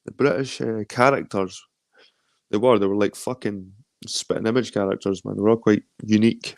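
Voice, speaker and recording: Scottish guy rambling on a stream, sweary and jokey, lowish voice, dry close mic. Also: fairly even intonation, normal speed, vocal fry, no echo. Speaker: stream host. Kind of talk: casual chat reading viewer comments.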